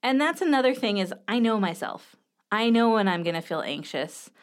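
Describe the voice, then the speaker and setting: A woman in her thirties talks on her own podcast in a loose, candid way. She speaks straight to her listeners and fills her sentences with ums and likes. Her voice sits at an ordinary middle pitch for a woman. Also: big pitch swings, moderate pace, smooth. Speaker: podcast host. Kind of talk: casual solo podcast talk.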